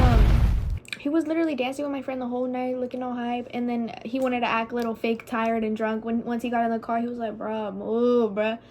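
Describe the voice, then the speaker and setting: A young woman vlogger with a high-pitched voice tells a personal story in a chatty, casual way. She swears freely and says "like" a lot, with slight background noise behind her.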